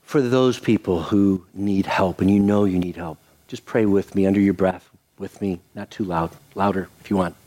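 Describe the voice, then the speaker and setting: An older man serving as pastor preaches at a moderate pace with a low-pitched voice. He brings a story to life by acting out what people said, and closes with a quiet, gentle prayer.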